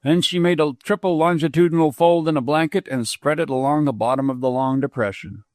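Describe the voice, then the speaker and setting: A man narrating an audiobook with measured, expressive reading. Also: a little high, no echo, studio quality. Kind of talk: scripted narration.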